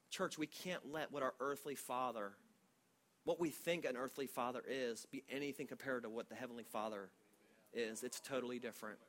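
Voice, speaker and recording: A man in his forties preaching a sermon to his church in a conversational, storytelling way, with frequent halting restarts. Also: medium pitch, fairly bright tone. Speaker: pastor.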